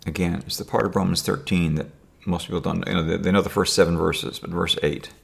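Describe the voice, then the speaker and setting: A man's voice: low-pitched, fairly even intonation, fairly quick, creaky, husky. A man talking to camera in a rambling personal monologue, with dry sarcastic humor and many fillers and restarts. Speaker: video diarist.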